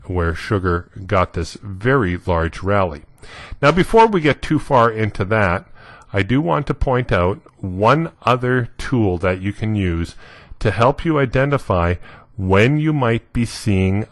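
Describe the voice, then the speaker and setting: A man calmly walking through a trading chart lesson as instructor, measured and explanatory. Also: fairly low pitch, no room sound.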